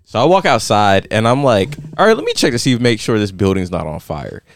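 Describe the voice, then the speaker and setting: A young man in casual chat, telling a story with lively quoted voices that jump high. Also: a little fast, no echo, studio quality. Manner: animated, acts out quotes with big pitch jumps.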